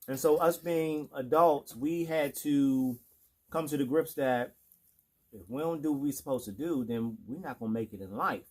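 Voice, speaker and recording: A man's voice: medium pitch, normal speed, darkish tone. A man co-hosting a casual chat over a meal, chatty and eager as he talks to the audience. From Washington, D.C. area. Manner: chatty and enthusiastic, leaning into the audience. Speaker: podcast co-host.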